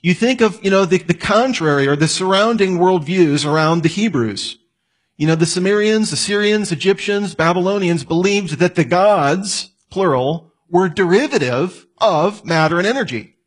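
An apologetics teacher gives a conversational lecture on evidence, asking his listeners questions and throwing in joking asides. His high-pitched voice is husky and animated, at a normal speed.

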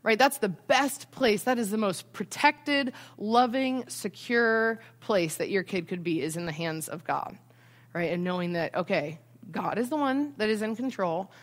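A woman's voice: medium pitch, unhurried. A young adult woman giving a casual Christian parenting talk in a conversational way, often checking in with "right?".

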